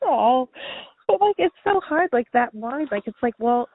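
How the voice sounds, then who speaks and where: A woman's voice: high-pitched, sing-song, takes it slowly, slightly rough, no room sound. Rambling woman saying "like" a lot. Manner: says "like" constantly, rambling and giggly. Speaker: podcast co-host. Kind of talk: casual chat. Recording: dry, tinny phone-like sound.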